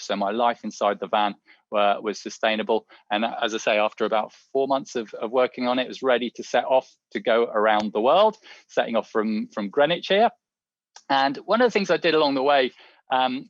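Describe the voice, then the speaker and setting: A man's voice: medium pitch, dry recording, muffled recording. A man telling travel stories over slides in a webinar, chatty and anecdotal with many fillers. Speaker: webinar speaker. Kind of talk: presentation talk with slides.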